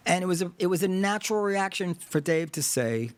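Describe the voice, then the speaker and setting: A man's voice: sits high, brisk, no room sound. A man hosting a podcast, talking through a debate in casual discussion, thinking aloud and acting out imagined exchanges. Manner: animated, acts out imagined dialogues; digressive, thinks aloud with fillers. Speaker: podcast host.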